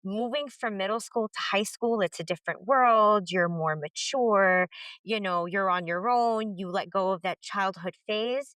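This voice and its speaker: Woman guest, teacher; candid, animated storyteller; medium pitch, dry close sound. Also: unhurried, dry recording. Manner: emphatic, animated, acts out quoted dialogue. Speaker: middle school teacher, guest.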